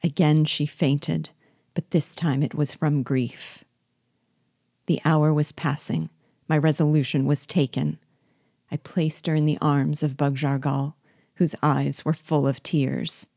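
A woman reading a classic novel aloud in a measured, steady narration. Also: low-pitched, creaky, dry recording, studio quality. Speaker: reader.

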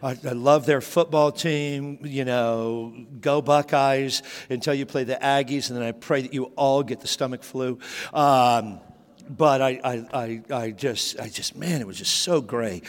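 A middle-aged man preaching a sermon as a pastor, telling stories with frequent restarts. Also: mid-range voice. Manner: storytelling with repeated restarts. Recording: long hall reverb.

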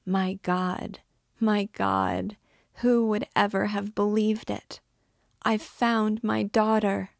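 A woman voicing a half-mad older mother in a dramatic novel reading, gushing and tender with a slow, gravelly delivery. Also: medium pitch, flat delivery, dry recording, clean studio sound, pitched above the performer's own voice. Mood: rapturous. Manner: tender, gushing, rising to frantic.

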